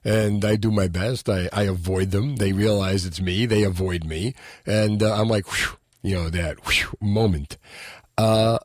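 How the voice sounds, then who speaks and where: A man's voice: on the low side, fairly even intonation, normal speed, a little mellow, no room sound. A man hosting a nighttime radio talk show, chatting loosely and rambling with lots of filler words from a studio microphone. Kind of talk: casual radio chat.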